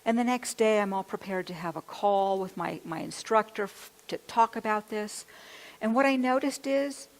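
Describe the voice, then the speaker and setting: A woman's voice: mid-range voice, normal speed. A woman minister gives a sermon, telling a candid, confessional personal story and quoting her own thoughts aloud. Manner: candid, confessional storytelling with quoted self-talk. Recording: long hall reverb.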